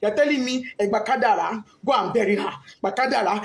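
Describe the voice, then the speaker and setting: A woman's voice: mid-range voice, a little fast, creaky, hardly any pauses. A middle-aged Nigerian woman, a grieving mother, giving impassioned, pleading spoken testimony and repeating herself in her grief. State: grief-stricken. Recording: roomy echo.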